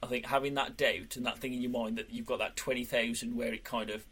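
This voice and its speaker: A man's voice: mid-range voice, steady tone, fast talker, a bit bright, breathy edge. A man hosting a podcast in an easygoing, agreeable chat. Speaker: podcast host. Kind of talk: casual chat.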